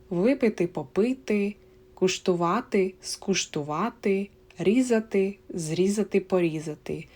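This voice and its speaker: Slow, mellow-voiced woman teaching. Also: on the low side. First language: Ukrainian. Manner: patient, repeats words slowly for learners. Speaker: language teacher. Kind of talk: slow, clear explanatory lesson.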